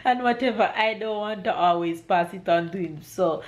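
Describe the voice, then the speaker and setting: Young Jamaican mother hosting a home vlog; relaxed, chatty, quick to laugh. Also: medium pitch, highs cut off. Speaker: vlog host, wife and mother. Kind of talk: casual family vlog chat.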